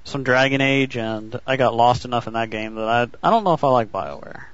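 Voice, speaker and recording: A man's voice: medium pitch, brisk, a bit bright, no echo. A young man co-hosting a casual podcast, dropping dry, wisecracking remarks. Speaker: podcast co-host. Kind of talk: casual chat. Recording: dull lo-fi podcast recording.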